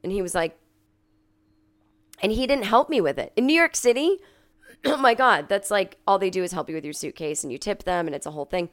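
A sick woman hosting a podcast from home, telling a story in a casual monologue, coughing and clearing her throat, and acting out the people she quotes. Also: mid-range voice, a little fast, long pauses. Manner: animated, acts out quoted people in a raised voice. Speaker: podcast host.

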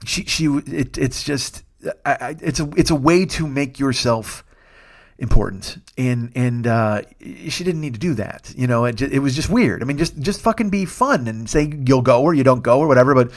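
A man, a comedian and podcast host, telling a rambling, profane story in a casual, animated way with lots of restarts. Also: mid-range voice, moderate pace. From lives in Los Angeles.

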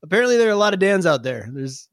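A man's voice: high voice, sing-song, very fast, no echo, studio quality. A man hosting a tabletop storytelling podcast as game master, upbeat and enthusiastic, with a bouncy delivery. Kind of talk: tabletop podcast hosting and scripted fantasy narration.

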